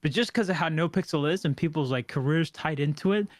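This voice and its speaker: A man's voice: fairly high pitch, fast talker, no room sound. A man hosting a podcast, talking in a loose, profane, reflective way. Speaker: podcast host. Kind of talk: casual podcast chat.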